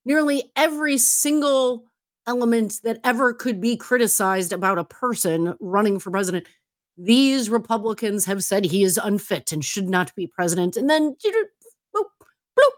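A woman's voice: medium pitch, no room sound, clean studio sound. Sarcastic, emphatic woman radio host. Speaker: radio talk show host. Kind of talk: political talk radio.

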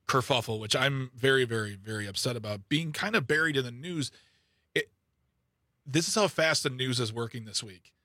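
Bright-voiced male radio host. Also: medium pitch, dry recording, studio quality. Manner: animated, rambling, quick asides. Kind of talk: casual talk radio chat.

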